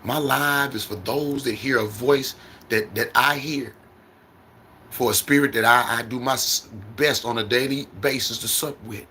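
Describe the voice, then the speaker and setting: A man's voice: medium pitch, steady tone, normal speed, bright, forceful tone, a little hiss or hum. A middle-aged man who drives trucks, talking on his livestream in a repetitive, preacherly storytelling way into a phone. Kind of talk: casual livestream monologue.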